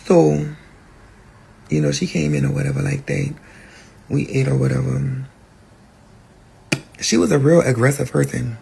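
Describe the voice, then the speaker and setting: A podcast host telling a personal story in a candid, profane, animated way. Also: male voice, mid-range voice, unhurried, gravelly, pauses often, slight background noise.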